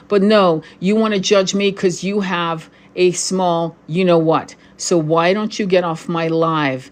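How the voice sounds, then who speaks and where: A woman's voice: on the low side, fairly even intonation, a little slow, hardly any pauses. A middle-aged woman, a tarot reader and spiritual guide, ranting angrily on a livestream and swearing often at her viewers. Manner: angry, profane and confrontational.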